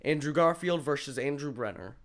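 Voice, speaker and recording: A man's voice: mid-range voice, expressive, a little fast, a bit bright. A young man hosting a casual podcast chat, joking and bantering combatively with his co-host.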